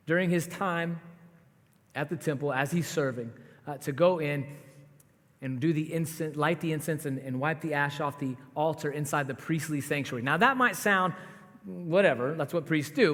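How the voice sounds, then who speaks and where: A man preaching a sermon as pastor, telling the story in a conversational, animated way with asides to the congregation. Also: on the high side. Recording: long hall reverb.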